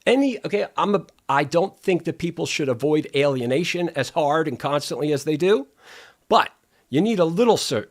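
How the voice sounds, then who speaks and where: A man with a gravelly, slightly high voice that rises and falls a great deal. He rambles in casual stream talk, restarting sentences and enjoying wordplay. His delivery is loose and animated. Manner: rambling, wordplay-loving, self-interrupting. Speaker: live streamer.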